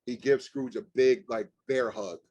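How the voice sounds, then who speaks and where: Young male rapper guest, animated and profane, lots of fillers, dry close mic. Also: mid-range voice, measured pace, no echo, lo-fi sound. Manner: animated, swearing, many "like" fillers. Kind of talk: casual storytelling interview.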